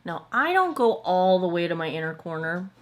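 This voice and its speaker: Brief: woman, lowish voice, chatty tutorial host explaining as she works, asks viewers if it makes sense. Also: big pitch swings, normal speed, lo-fi sound. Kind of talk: casual step-by-step tutorial.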